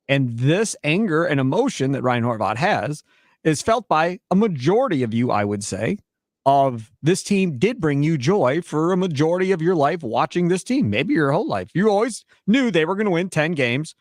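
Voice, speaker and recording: A man co-hosting sports talk radio, explaining things to listeners in a measured way. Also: a little high, no echo, studio quality.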